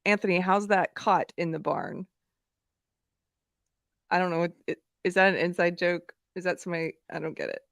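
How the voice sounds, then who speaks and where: Giggly Southern woman host, low voice. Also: moderate pace, creaky, pauses often, fairly bright tone, no room sound, clean studio sound. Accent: Southern American. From American South. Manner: giggly, laughs often. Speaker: podcast host. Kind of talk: casual live-stream chat.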